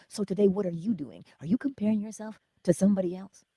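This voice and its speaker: A woman hosting a motivational livestream, with a husky voice, laughing often and answering her chat. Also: mid-range voice, fast talker, dry recording, studio quality. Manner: animated, laughing, talks to chat. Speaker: livestream host.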